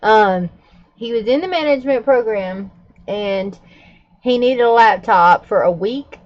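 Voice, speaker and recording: A woman hosting a journaling livestream from home, chatting in a relaxed, gossipy way and laughing between stories. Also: medium pitch, muffled recording. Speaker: journaling vlogger, livestream host. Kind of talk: casual gossipy chat while journaling. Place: at home with her dogs nearby.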